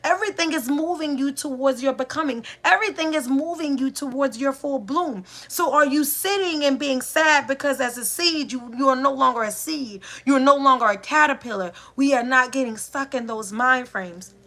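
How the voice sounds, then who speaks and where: Her high, slightly bright voice moves at a moderate clip with hardly any pauses. This woman, a spiritual teacher, gives a sermon-like, live-streamed inspirational talk, speaking directly to the audience in front of her. With a preacher's repetitive rhythm, she stacks up repeated phrases and rhetorical questions.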